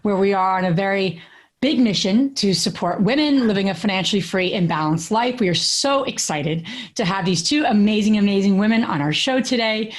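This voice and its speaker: A woman in her thirties co-hosting a podcast, telling stories in an animated way with many fillers and restarts. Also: medium pitch, fairly quick. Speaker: podcast co-host. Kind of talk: casual podcast chat.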